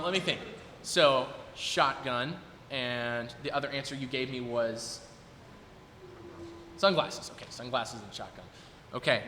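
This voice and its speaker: A man's voice: mid-range voice, bright, forceful tone. A man in his twenties, a performer at his recital, chatting casually with the audience and thinking aloud as he goes. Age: 20s. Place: recital hall. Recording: long hall reverb, faint noise.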